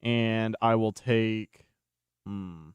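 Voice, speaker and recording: A man's voice: on the low side, steady tone, very slow, clean tone, no echo, lo-fi sound. A man on a casual sports show, hedging his picks and often asking "you know what I mean".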